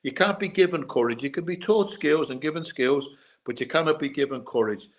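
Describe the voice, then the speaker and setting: A man's voice: on the high side, a little fast. Irish-english ex boxer guy chatting in an interview, earnest, keeps repeating himself. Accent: Irish with English mix. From Ireland. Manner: repetitive, earnest storytelling with restarts. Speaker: guest, former boxer and bodyguard. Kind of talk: casual interview chat.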